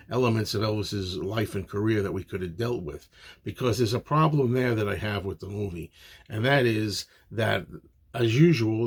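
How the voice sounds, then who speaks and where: A man's voice: on the low side, breathy edge. A man giving a casual, opinionated spoken movie review, rambling with frequent fillers.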